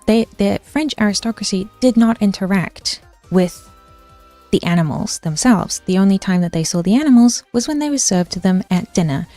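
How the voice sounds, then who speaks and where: A woman's voice: fairly low pitch, darkish tone. A woman streamer ranting casually about history, chatty and swearing, answering her chat as she goes.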